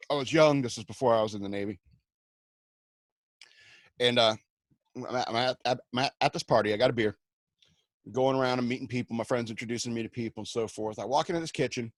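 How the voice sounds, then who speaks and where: A man's voice: medium pitch, dry recording. A man hosting a radio show tells a rambling, self-mocking comic story, slipping into the voices of the people in it. His voice sits in a middle register and is recorded close and dry, with no room sound. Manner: rambling, self-mocking anecdotes with acted-out quotes.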